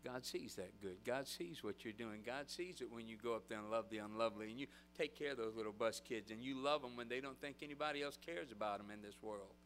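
A man preaching a sermon in an animated storytelling way, repeating rhetorical phrases in a preaching cadence. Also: medium pitch, a little fast, hardly any pauses, slight background noise. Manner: animated storytelling, acting out voices and shouting.

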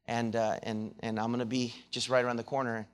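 A man preaching a sermon, telling a childhood story and then building into loud, rising exhortation with many repeated words and restarts. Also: level tone, brisk, clean tone. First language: not English. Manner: restarts and repeated words, grows louder and higher when preaching.

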